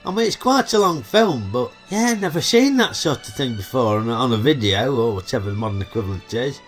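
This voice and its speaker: A man's voice: medium pitch, expressive, fairly quick, soft background music. A middle-aged man with a Yorkshire accent, hosting a chatty, cheeky comedic film review full of dialect banter. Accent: Northern English, Yorkshire.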